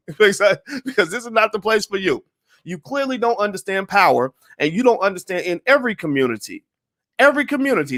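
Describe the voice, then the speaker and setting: Man, high-pitched voice, emphatic opinion monologue, repetitive and forceful. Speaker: commentator.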